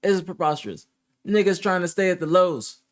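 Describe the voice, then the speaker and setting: A man's voice: high voice, expressive, fairly quick. A man hosting a live stream in casual chat, ranting in disbelief and swearing freely. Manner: incredulous, ranting, heavy swearing. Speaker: streamer host. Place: home streaming setup.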